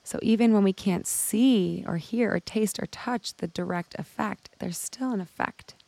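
A woman's voice: medium pitch, unhurried, gravelly, dark tone, no echo. A woman coach giving a motivational talk, telling a story and casually acting out other people's lines, sometimes swearing. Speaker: women's life coach.

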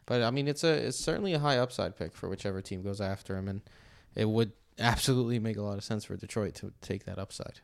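Man with a smooth, clear voice. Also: on the low side, fast talker, few pauses. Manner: laughs easily, loose and joking. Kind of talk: casual podcast chat.

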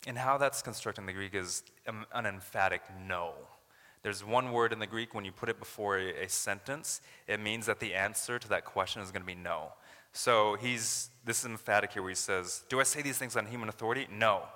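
Earnest pastor preaching in a reverberant hall. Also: male voice, on the low side, fairly even intonation, moderate pace, bright, forceful tone. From Canada. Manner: earnest, builds to emphatic paraphrase of scripture. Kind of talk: sermon.

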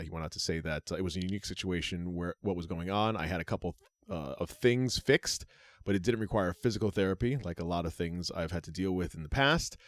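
Male podcast co-host, low register, casual news-reading delivery with sarcastic asides, dry studio sound. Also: dry recording. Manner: reads news items aloud with asides, laughs often. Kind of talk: casual wrestling news chat.

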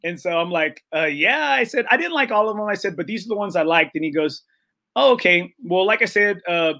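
A man's voice: sits high, expressive, brisk, gravelly, bright, forceful tone. A man hosting a casual chat, telling a story with many fillers, acting out the quoted lines and often checking in with "right?". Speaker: podcast host.

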